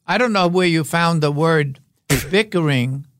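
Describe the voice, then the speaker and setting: A man's voice: fairly high pitch, measured pace, background noise. An older man, a veteran actor as interview guest, telling wry, rambling stories. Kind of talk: anecdotal interview talk.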